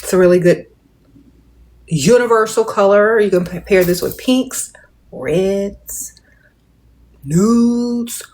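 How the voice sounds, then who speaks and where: Chatting casually with her livestream audience, this middle-aged host responds to comments in a medium, slightly mellow voice. Her drawl is playful but controlled and measured, with minimal mouth movement, and she addresses viewers as "darling" and "y'all."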